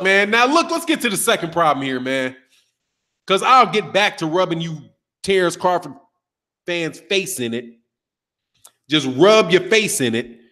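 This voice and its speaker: A man in his thirties hosting a boxing channel, talking casually and profanely, trash-talking while reading a live chat. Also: high-pitched. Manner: animated, profane, trash-talking, laughs often.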